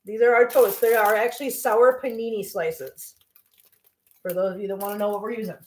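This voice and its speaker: A woman's voice: mid-range voice, steady tone, fairly quick, darkish tone, roomy sound, a little hiss or hum. A middle-aged woman hosting a casual cooking livestream from her home kitchen, chatty and rambling, often laughing and cooing at her cats. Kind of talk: casual chat while cooking live.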